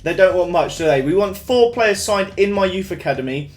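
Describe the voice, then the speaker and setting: Upbeat young gaming commentator. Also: male voice, sits high, animated, brisk, soft background music. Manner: chatty, upbeat, talks straight to viewers. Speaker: gaming YouTuber. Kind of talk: casual game commentary.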